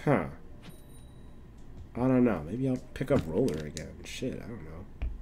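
A young man streaming a game, chatting casually, swearing often and breaking into laughter and excited outbursts. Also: fairly low pitch, unhurried, slight background noise. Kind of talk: casual gameplay commentary.

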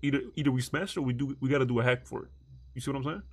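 A young man streaming a heist roleplay, rambling and swearing as he thinks the plan out loud. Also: medium pitch, steady tone, racing, breathy edge, dry recording. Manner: rambling, profane, thinks aloud while planning. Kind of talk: casual gaming chat.

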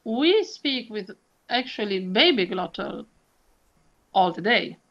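A soprano who works as a vocal coach talks expressively in an animated interview, pausing to demonstrate sounds. Her mid-range voice moves at a slow pace, and the recording has its highs cut off.

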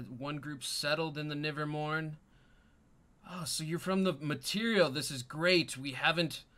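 Jovial mouse king with a booming laugh, smooth bright voice, measured and regal, put on by a man.

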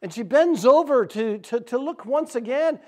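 Animated, informal pastor telling a story. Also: male voice, very high voice, moderate pace. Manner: informal, animated retelling with fillers and repeats. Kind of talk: sermon storytelling.

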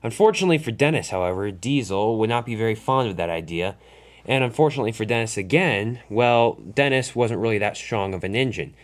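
A man's voice: fairly low pitch, lively intonation, a little fast. A man casually narrating a toy train story, loose and unscripted, with frequent restarts.

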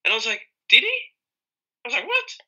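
A man's voice: fast talker, rough recording. A young man, a rapper, telling the story of his reaction in a casual interview, acting out his own surprised exclamations. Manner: animated, acts out his own reactions with sudden high-pitched exclamations.

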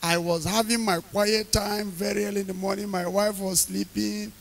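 A man preaching an evening sermon, emphatic, repeating key phrases, questioning the congregation and bursting into loud shouted lines. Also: high voice, little pitch movement, moderate pace, creaky.

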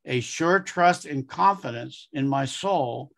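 A man preaching a sermon, telling a story in an earnest, unhurried way and briefly acting out the voices of the people in it. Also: medium pitch, lively intonation, creaky, a bit bright.

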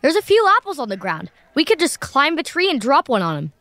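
A woman's voice: high voice, very animated, a little fast, pushed and bright, no room sound, full character voice. A woman voicing Max, a cheeky, impatient kid adventurer in a children's audio drama. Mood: playful. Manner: wisecracking, impatient.

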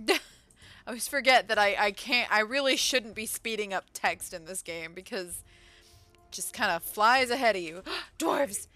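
A woman streaming a video game, chatting casually, laughing often and reacting excitedly to what she finds. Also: medium pitch, moderate pace, dry recording, faint music behind. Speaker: gaming streamer. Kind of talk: casual let's-play commentary.

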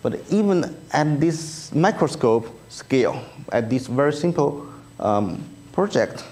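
A man with a Chinese accent, whose first language is Chinese, giving a conference talk with slides in a halting way, full of ums and uhs and light self-deprecating humor. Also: mid-range voice, a little mellow. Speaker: speaker at an engineering research review. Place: conference room.

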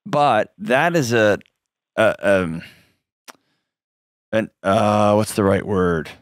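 Earnest low-voiced male advice host. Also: no echo, clean studio sound. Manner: earnest, direct coaching with pauses and restarts. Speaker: call-in show host. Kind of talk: advice call-in talk.

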